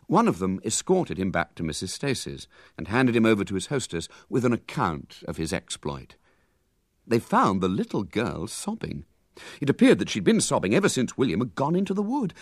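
Guy narrating a kids story, super animated, dry close sound. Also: fairly low pitch, normal speed, no echo. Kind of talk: reading a children's story aloud.

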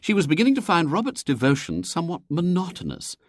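An audiobook narrator reading a comic children's story in a lively, highly expressive way. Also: fast, no room sound, clean studio sound. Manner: lively, very expressive reading with wide pitch swings.

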